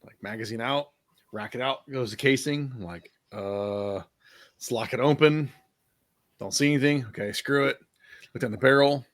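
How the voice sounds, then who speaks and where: A man's voice: medium pitch, normal speed, no echo, clean studio sound. A man hosting a podcast, telling a long rambling story in casual chat, laughing easily and swearing now and then. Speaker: podcast host.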